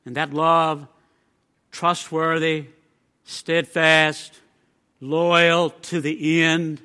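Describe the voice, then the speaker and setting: A male preacher delivers a sermon in an emphatic way, pausing between phrases. His voice is high and bright, and he takes his time. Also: little pitch movement, clear, resonant tone. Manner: emphatic, with measured pauses.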